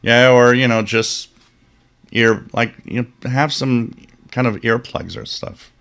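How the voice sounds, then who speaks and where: A man's voice: medium pitch, steady tone, measured pace, fairly bright tone, smooth. A man hosting a live stream, telling rambling stories with chuckles and fillers and reading out viewer comments. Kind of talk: casual chat.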